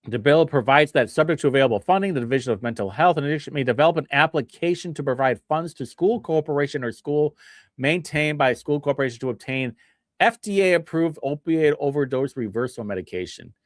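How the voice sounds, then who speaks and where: A male livestream host who reads bill text aloud and mocks it in casual commentary, chuckling often, with big swings in pitch. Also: expressive, quick pace, dry recording, studio quality. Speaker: livestream host reviewing state bills.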